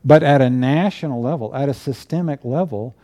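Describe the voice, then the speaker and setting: Mellow-voiced pastor preaching. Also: male voice, medium pitch. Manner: earnest, measured preaching with emphatic declarations. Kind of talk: sermon. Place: church pulpit.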